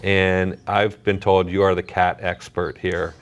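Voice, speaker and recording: A man's voice: sits low, little pitch movement, measured pace. A man hosting a podcast on location at an animal shelter, chatting casually and often repeating his words as he goes. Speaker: podcast host. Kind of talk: casual interview.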